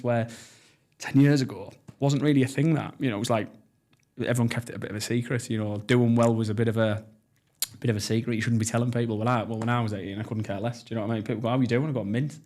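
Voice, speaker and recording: A man's voice: medium pitch, a little mellow. A man in his thirties with a North East English accent, a podcast guest telling his story bluntly and enthusiastically, swearing freely. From North East England. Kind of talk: casual storytelling interview.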